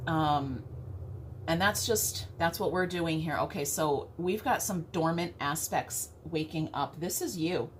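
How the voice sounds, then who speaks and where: A woman's voice: deep voice, background noise. A woman giving a casual tarot reading, chatty and playful, often checking in with "okay?". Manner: chatty, keeps asking "okay?"; playful and earthy, mild swearing. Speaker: tarot reader.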